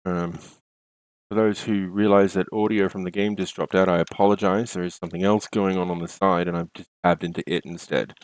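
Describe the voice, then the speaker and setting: A man's voice: deep voice, level tone, a little fast, clean tone, no echo. A man hosting a game stream, chatting casually and correcting himself as he goes. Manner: chatty, self-correcting, laughs easily. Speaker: stream host.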